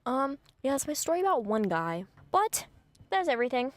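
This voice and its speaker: A young woman vlogger telling a story in a casual way. She is animated and blunt, swears freely and acts out the scenes dramatically. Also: sits high, moderate pace, no room sound.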